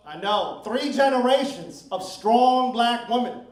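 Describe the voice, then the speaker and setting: A man's voice: extremely high pitch, lively intonation, unhurried, distant mic. A middle-aged man performing a stand-up comedy set on a club stage, talking in a brash, crude, conversational way and working the crowd. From Philippines heritage. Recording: roomy club sound, crowd laughter.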